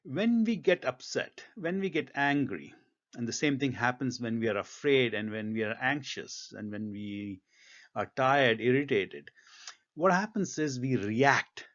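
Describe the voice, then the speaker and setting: A man giving career advice in a reflective monologue, speaking in a measured, thoughtful way with frequent ums and uhs. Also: medium pitch, animated, a bit bright, dull audio.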